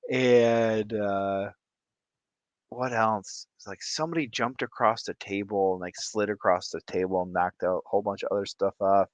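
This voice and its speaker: A man's voice: on the low side, steady tone, a little slow, pauses often, a bit bright, no echo. A man vlogging who tells a rambling, casual story and laughs often mid-sentence. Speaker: fish-keeping vlogger.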